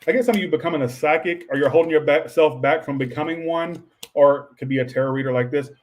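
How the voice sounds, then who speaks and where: A man with a slightly higher voice rambles through a tarot reading for his viewers. He talks offhandedly and swears often, breaking off to answer his chat. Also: quick pace. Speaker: tarot reader.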